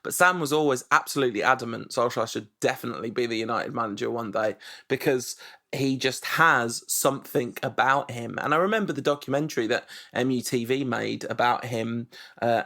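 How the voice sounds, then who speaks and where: A man co-hosting a football podcast, talking in an animated, rambling way and often correcting himself. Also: medium pitch, normal speed, vocal fry. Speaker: podcast co-host. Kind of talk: casual football chat.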